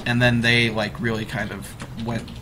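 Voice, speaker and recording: A man's voice: mid-range voice, flat delivery, moderate pace, bright, forceful tone, a little hiss or hum. A young man hosting a casual group chat, rambling with lots of fillers and restarts.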